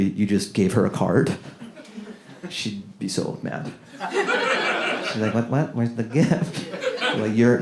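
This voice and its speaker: A man doing a loose, riffing stand-up comedy set in a small room with a live audience. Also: fairly low pitch. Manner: loose, riffing, lively, swears freely. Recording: echoey room, audience laughter.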